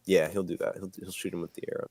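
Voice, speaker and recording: A man's voice: deep voice, little pitch movement, racing, gravelly, darkish tone, slightly rough, no room sound. A man playing a tabletop game, thinking aloud as he explains his moves. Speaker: player.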